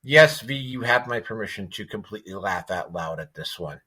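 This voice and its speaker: A man's voice: fairly low pitch, lively intonation, normal speed, pushed and bright, slightly rough. A man hosting a podcast, chatting loosely through a list of topics with plenty of fillers and restarts. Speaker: show host.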